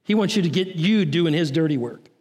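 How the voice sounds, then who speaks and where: A man preaching a sermon as pastor, swinging from raised, urgent lines to low, quiet ones. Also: a little fast, in a large hall. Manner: preaching with rising and falling intensity, dropping low and soft on key lines.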